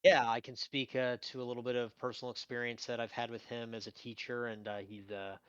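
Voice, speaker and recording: A man's voice: medium pitch, little pitch movement, brisk, a bit bright, clean tone, no room sound. Guy on a movie podcast, pushy opinions, muffled dry mic. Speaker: podcast co-host. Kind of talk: casual film podcast chat.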